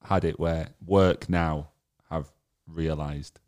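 Deep-voiced young man. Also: fairly even intonation, slow pace, darkish tone. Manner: hesitant, restarts a lot, laughs easily. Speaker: podcast co-host. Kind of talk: casual chat.

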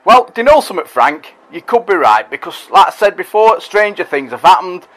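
A middle-aged man talks casually and at length as a podcast host. He rambles and pokes fun at himself. His voice sits a little high, and soft music plays faintly behind him. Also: very animated, fairly quick. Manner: chatty, rambling, self-deprecating. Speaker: podcast host reading listener messages. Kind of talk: casual monologue.

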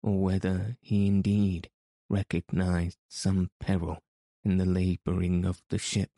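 A man narrates a classic novel in a measured storytelling manner. His voice is deep and dark, and his pace is very slow. The recording is dry and close. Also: no echo. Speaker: audiobook narrator.

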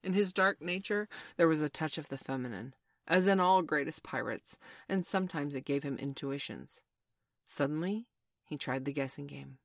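A woman with a low voice narrates a storybook in an expressive, dramatic way. The recording is close and dry, with no echo. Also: normal speed. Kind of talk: storybook reading.

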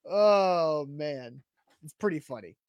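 Brief: relaxed male show host, casual sports talk, dry recording. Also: a little high, slow pace, clean tone, no echo. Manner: easygoing, laughs along.

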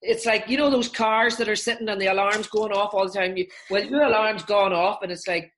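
A woman therapist walks through her technique with lively, hands-on explanation, slipping into little acted-out voices to make her point. Her voice sits in an ordinary middle pitch and she talks in a plain conversational way. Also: brisk, few pauses, a little hiss or hum. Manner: animated, acts out examples in voices. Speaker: therapist guest.

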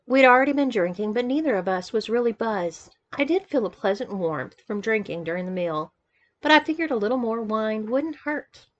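A woman narrating a first-person story in a measured, even reading voice. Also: on the high side, highs cut off. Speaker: audiobook reader.

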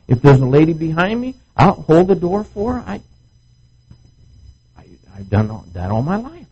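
Husky animated male preacher. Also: sits high, muffled recording. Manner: animated preacher acting out quoted voices. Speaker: pastor. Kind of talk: sermon. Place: marriage retreat meeting room.

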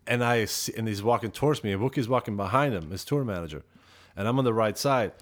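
A man from Belgium, a musician guest on a podcast, telling stories in an animated, profane, casual way. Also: fairly low pitch, fast talker. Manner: animated, profane, heated when retelling. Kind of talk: casual storytelling chat.

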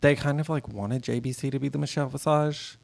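A man's voice: mid-range voice, a little fast, creaky, no room sound. A man co-hosting a podcast, chatting casually as he recaps a TV episode. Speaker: podcast co-host. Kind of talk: casual chat.

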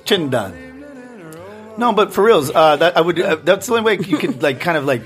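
A man with a Brooklyn accent co-hosting a podcast, telling stories in animated, profane casual banter. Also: on the high side, quick pace, soft background music. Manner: animated, profane storytelling with put-on voices. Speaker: podcast co-host.

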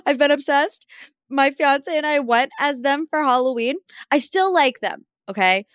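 A young woman hosting a casual celebrity gossip rundown, chatty and sarcastic with animated asides. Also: sits high, measured pace, dry recording, studio quality.

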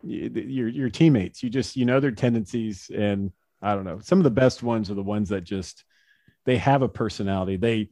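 A man in his forties, a former pro pitcher, telling stories as an interview guest, chatty and laughing often, with lots of fillers. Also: a little fast, warm tone, no room sound, studio quality. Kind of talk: casual storytelling in an interview.

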